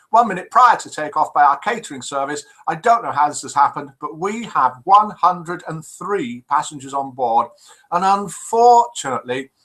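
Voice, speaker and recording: A man's voice: a little high, sharp tone. A man voicing a nervous, overly polite Irish woman flight attendant making cabin announcements.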